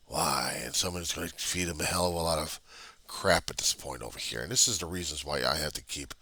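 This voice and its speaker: A man's voice: a bass voice, bright, forceful tone, no room sound. A man talking through a raw, agitated video diary, repeating himself and swearing often. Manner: raw, agitated, profanity-laced, repetitive. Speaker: video diarist. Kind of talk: personal video diary monologue. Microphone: computer webcam.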